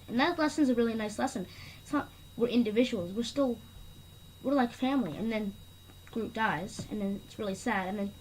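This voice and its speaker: A woman's voice: fairly high pitch, a little hiss or hum, low-quality recording. A woman giving casual movie commentary, rambling and earnest, stringing her thoughts together with "and then". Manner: earnest, easily enthused. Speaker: video creator ranking film scenes.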